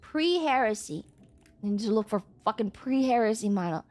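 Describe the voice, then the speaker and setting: A woman's voice: on the high side, animated, moderate pace, darkish tone. A young woman streaming in casual chat, swearing freely and breaking into exasperated outbursts at her chat.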